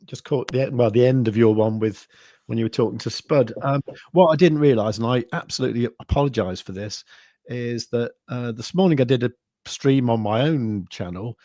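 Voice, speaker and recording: With a mid-range, dark voice at a moderate pace, this Englishman rambles through viewer comments on his livestream, stumbling into fillers and restarts. He's from the Midlands, his accent a mix of Midlands and southern English, with some years in France. Studio quality, no echo.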